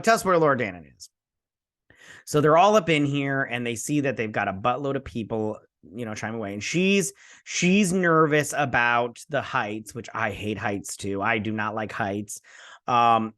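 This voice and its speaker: A man's voice: mid-range voice, fairly bright tone. Rambling male reviewer doing silly voices. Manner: rambling, acts out characters in jokey voices. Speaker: host. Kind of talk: casual episode recap and review.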